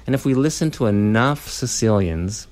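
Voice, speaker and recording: A man, a linguistics professor, explaining his work in a relaxed radio interview, often saying "you know". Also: on the low side, moderate pace.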